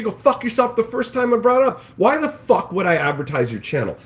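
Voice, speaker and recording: A man's voice: high-pitched, sing-song, fairly quick. A man ranting on a casual livestream, sarcastic and profane, mocking people in put-on voices. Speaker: livestream host. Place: home kitchen, cooking bacon.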